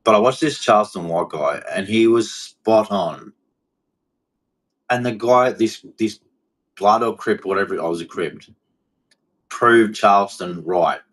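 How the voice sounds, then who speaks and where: A man's voice: fairly low pitch, measured pace, long pauses, fairly bright tone. A man, ranting bluntly and scornfully in commentary to the camera. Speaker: vlogger.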